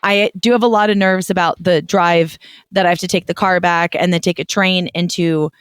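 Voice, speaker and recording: A woman's voice: fairly low pitch, fairly even intonation, normal speed, clear, resonant tone, dry recording. A young adult woman co-hosting a podcast, talking in a chatty, rambling way with nervous restarts. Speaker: podcast co-host. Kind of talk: casual chat.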